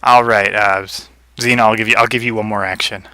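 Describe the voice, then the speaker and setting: A man's voice: on the low side, steady tone, a little fast, pushed and bright, clear, resonant tone, no room sound. A man narrating as game master in a tabletop game, easygoing and hesitant, with many fillers.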